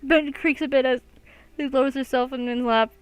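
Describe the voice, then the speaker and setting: A woman's voice: high voice, fairly even intonation, moderate pace, clean tone, no room sound, rough recording. A young woman reading a visual novel aloud, laughing and stumbling over words now and then. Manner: reads with frequent laughs and slips. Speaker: let's play gamer.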